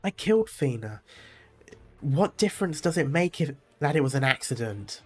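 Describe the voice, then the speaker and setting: A grief-stricken young winged woman from a game, read out by a man in a fairly high voice. She speaks of her guilt in an anguished, halting way, while faint game music plays behind. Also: very animated, darkish tone. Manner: reading the lines aloud, mostly plain.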